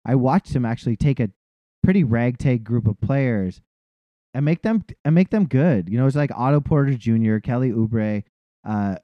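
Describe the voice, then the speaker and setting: A man's voice: mid-range voice, animated, moderate pace, no room sound, lo-fi sound. A man from the Boston area co-hosting a sports podcast, ranting with lots of swearing and laughing through his words. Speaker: podcast co-host. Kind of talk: casual sports chat.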